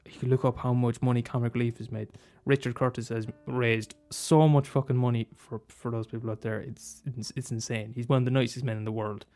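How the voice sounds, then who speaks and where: A man talking casually and passionately about films, swearing freely and jumping up into high exclaims. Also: flat delivery, a little fast, few pauses, warm tone, soft background music. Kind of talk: casual film chat.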